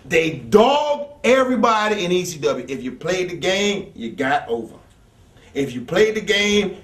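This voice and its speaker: A blunt man with a fairly high voice rants through old grudges, swearing freely and acting out every back-and-forth he retells. He sits back from the mic in a room that rings with echo. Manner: blunt, profane, acts out quoted exchanges. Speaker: interview guest. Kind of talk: profane storytelling rant. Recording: echoey room, distant from mic.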